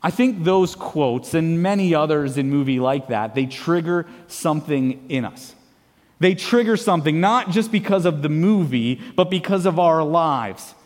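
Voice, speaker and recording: A man's voice: a little high, darkish tone. A man in his thirties, a pastor preaching a sermon and leading the congregation in playful call-and-response. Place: church sanctuary. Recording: long hall reverb of a church.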